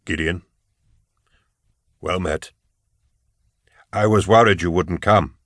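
A man playing a weary old male inquisitor in an audiobook, speaking low, hushed and measured. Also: dry recording, studio quality, exaggerated voice. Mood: grave.

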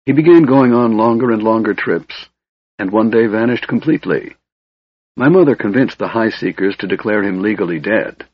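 A frail, sardonic young mage, put on by a man, speaks in a cold, hissing whisper with a husky edge. The voice sits low, and the dull, lo-fi recording is dry and close. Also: expressive, normal speed, dry recording. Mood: bitter, musing. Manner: cold, brooding, bitter.

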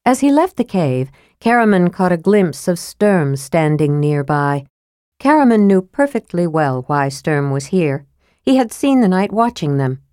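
A woman narrating an audiobook in a steady, measured reading style. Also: lowish voice, dry recording, clean studio sound.

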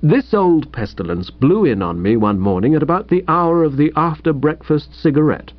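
A man's voice: fairly high pitch, expressive, moderate pace, no echo. A man reading a comic first-person story in a breezy, chatty way. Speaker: audiobook reader. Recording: dull dry recording.

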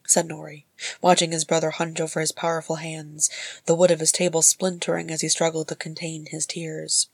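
A woman reading a storybook chapter aloud in a measured, soft narration. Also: low voice, level tone, gravelly, husky, no echo. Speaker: audiobook reader.

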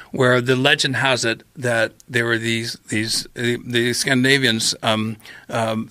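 A man guest on a podcast telling a long story in casual chat, acting out his own past lines with lively quoted voices. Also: medium pitch, no echo.

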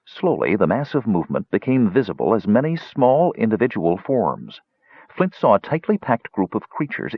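Husky man narrating an animated fantasy tale. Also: on the low side, dry recording. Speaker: audiobook narrator. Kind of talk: scripted narration. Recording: dull, dry lo-fi recording.

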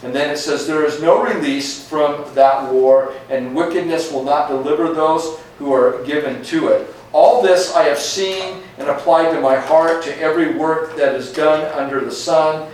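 A male pastor teaching through scripture in a relaxed, conversational way, often pausing to ask "right?" or "okay?". His slightly raised voice carries through an echoey sanctuary and is picked up from some distance away. Faint background noise sits under the speech. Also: a little high. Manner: conversational, frequent "okay?" and "right?" check-ins. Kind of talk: verse-by-verse sermon.

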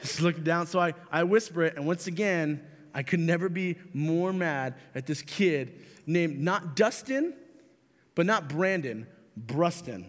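A young man giving a youth sermon, telling funny stories and speaking directly to his listeners in an animated way. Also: on the high side, a little slow. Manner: animated, jokey storyteller who addresses the audience directly. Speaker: youth pastor. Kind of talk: youth sermon with comic storytelling. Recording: reverberant hall.

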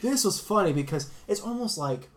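A man's voice: sits high, lively intonation, fairly quick, a crowd in the background. A man co-hosting a podcast, telling a concert story in casual chat, laughing often and swearing casually. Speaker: podcast co-host.

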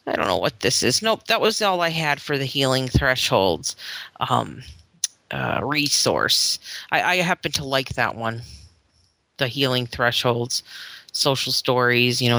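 A woman's voice: low-pitched, pushed and bright, no room sound. A middle-aged woman from Florida, co-hosting a podcast and telling a long family story in a rambling, casual way. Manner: rambling storytelling, acts out quoted voices. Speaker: podcast co-host. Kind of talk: casual chat.

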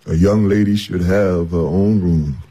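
An actor playing an easygoing older household servant who chuckles often and talks in a folksy way. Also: male voice, sits low, measured pace, warm tone, husky.

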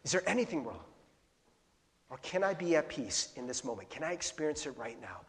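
A man with a high voice preaches a casual, conversational sermon from a church sanctuary. He keeps asking his listeners questions and slips into animated impressions of the people he quotes. His words trail off into the long echo of a large hall. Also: fairly quick. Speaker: pastor.

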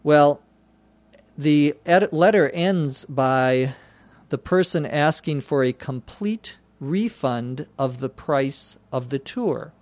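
A man teaching English vocabulary, explaining words slowly and spelling them out letter by letter. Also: fairly high pitch, expressive, darkish tone, dry recording. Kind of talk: slow explanatory lesson.

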